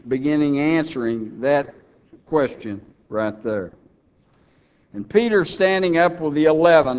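A man's voice: on the high side, clean tone. A man preaching a sermon with a Texan accent, folksy and humorous between passages of scripture. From Texas.

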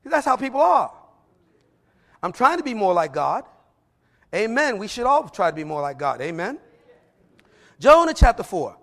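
Male preacher, middle-aged, high-pitched voice, slow scripture reading mixed with animated storytelling. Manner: reads scripture slowly, then tells stories in a lively way. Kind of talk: sermon.

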